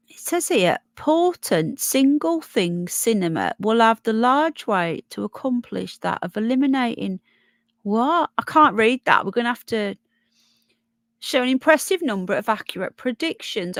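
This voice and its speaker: A woman's voice: fairly high pitch, no echo. A middle-aged woman hosting a casual livestream, reading out old newspaper predictions and chatting to viewers by name. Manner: chatty, greets viewers by name, reads aloud and comments. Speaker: livestream host. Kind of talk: casual live chat reading articles.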